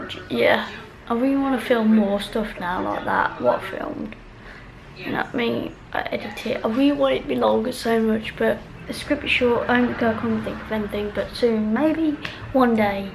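A woman's voice: fairly high pitch, creaky, poor audio. A woman chatting at home in a casual, rambling vlog, full of ums and restarts. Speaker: vlogger.

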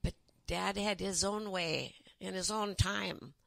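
An older woman reading her own memoir aloud in a gentle, unhurried storytelling way, then chatting about it. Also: medium pitch, fairly even intonation, gravelly, no room sound. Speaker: author.

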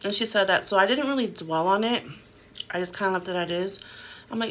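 A chatty woman vlogger in her thirties recounts a haunting straight to her phone camera, leaning hard on filler words as she goes. Her voice sits at an ordinary middle pitch. A faint hum of room noise runs underneath. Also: fast, a bit bright. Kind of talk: casual storytelling to camera.

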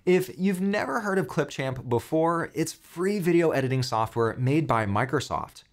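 Upbeat man with a lively voice. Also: on the high side, moderate pace. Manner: upbeat, step-by-step explaining with light jokes. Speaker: tutorial host. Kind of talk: software tutorial walkthrough.

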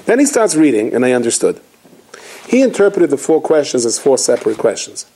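Animated, husky rabbi telling stories. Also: male voice, mid-range voice, brisk, rough recording. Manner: animated storytelling with acted quotes. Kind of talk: holiday inspirational talk.

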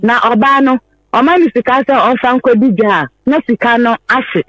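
A woman's voice: fairly high pitch, normal speed, fairly bright tone, dry recording, highs cut off. A woman from Ghana, a caller, earnestly recounting her personal story on a radio phone-in, pleading and repeating herself.

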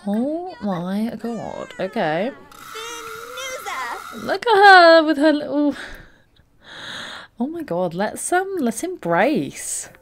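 This is a young woman hosting a game playthrough. Her voice sits fairly high and leaps up and down. She sounds endlessly excitable, piling on exclamations as she reacts. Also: drawn-out words, long pauses. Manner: gushing, excitable, many exclamations. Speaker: let's play host. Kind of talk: gameplay commentary.

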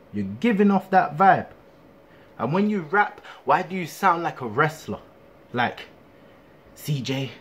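A man with a slightly husky, somewhat high voice performing a battle rap verse. He mocks and trash-talks his rival bluntly. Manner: mocking trash talk. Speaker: battle rapper.

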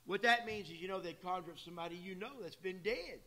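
A man's voice: high voice, quick pace, bright, forceful tone. A man preaching a sermon in plain, emphatic words, talking straight to his congregation. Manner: emphatic, plain-spoken, addresses the congregation directly. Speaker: pastor. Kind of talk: sermon with folksy asides. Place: church.

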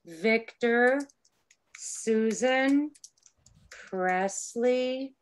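A woman's voice: a little high, very slow, smooth. A woman leading an online improv class over a video call, explaining game rules patiently and encouragingly. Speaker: improv workshop leader.

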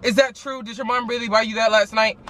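A woman's voice: a little high, fairly even intonation, fast talker, a bit bright, a little hiss or hum, pitched above the performer's own voice, natural voice. A man voicing a female schoolteacher who questions students in a businesslike way. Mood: questioning. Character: middle-aged schoolteacher.

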